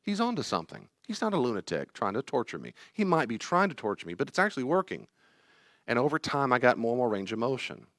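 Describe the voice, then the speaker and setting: A man's voice: medium pitch, sing-song, quick pace, fairly bright tone, no room sound, studio quality. A middle-aged man, a therapist teaching a class, telling personal stories in an earnest, pleading way. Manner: earnest, pleading, acts out quoted voices.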